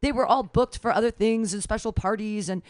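A woman co-hosting a podcast, telling stories in a lively, indignant way. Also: mid-range voice, brisk, dry recording, clean studio sound. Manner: animated, indignant storytelling. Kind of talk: casual chat.

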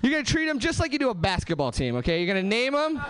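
Male stand-up comedian, high voice, very lively pitch swings, punchy delivery, club stage mic. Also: rapid-fire. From Southern California. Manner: animated, punchy, swings between high and low voices for effect.

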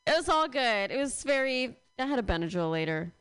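A woman's voice: a little high, big pitch swings, brisk, fairly bright tone, smooth, no echo. A young woman in her twenties doing a rambling stand-up set, full of fillers and self-deprecating asides. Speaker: stand-up comedian.

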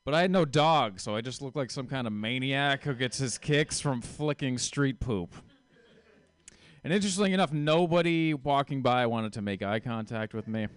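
A man's voice: mid-range voice, expressive, moderate pace, smooth, no echo. A man telling wry stand-up stories in a dry, conversational way. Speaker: stand-up comedian. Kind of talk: stand-up storytelling.

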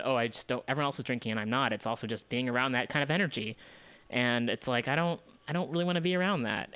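At medium pitch and a bit bright, this community radio host is heard on a dry recording. His casual news roundup wanders through stories with side remarks and restarted sentences.

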